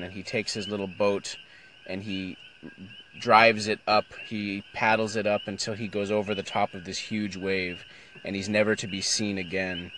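Brief: thoughtful, hesitant middle-aged man, deep voice, unhurried. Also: a bit bright, slight background noise. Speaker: Christian speaker. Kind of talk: reading aloud and reflecting.

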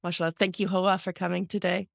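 A woman hosts a podcast interview, speaking with gentle enthusiasm. Her voice has a gravelly, fry-touched texture. The sound is dry and close-miked. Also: on the low side, level tone, quick pace, no room sound. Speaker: podcast host.

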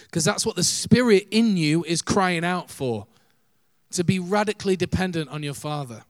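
Male preacher, mid-high register, earnest sermon delivery, dry close recording. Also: dry recording. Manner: earnest, varies pace and volume for emphasis, laughs lightly.

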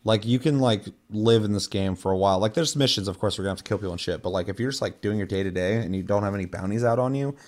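Talking very fast with hardly a pause, a young man on a podcast rambles through casual, profane stories full of fillers. His voice is on the low side with a darkish tone.

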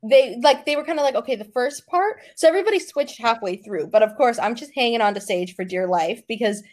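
A young woman hosting a podcast, telling a travel story in an animated, laughing way. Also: a little high, fairly quick. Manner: animated, laughing, dramatic retelling. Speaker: podcast host. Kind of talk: casual storytelling chat.

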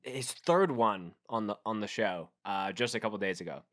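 A man's voice: on the low side, normal speed, a bit bright. Podcast host guy, mostly short yeahs and rights. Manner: brief backchannel replies, laughing along. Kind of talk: casual chat.

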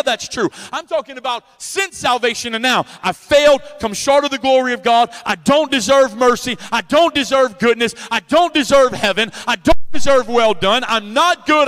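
A man's fiery revival sermon, delivered in a high voice through a church microphone. He swings between booming declarations and hushed asides, piling up repeated words as he builds. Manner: loud, impassioned, swings between shouting and quiet asides; repeats words in rapid runs. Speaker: revival preacher. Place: church sanctuary with a sound system. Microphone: handheld or stand microphone, volume adjusted by the sound man.

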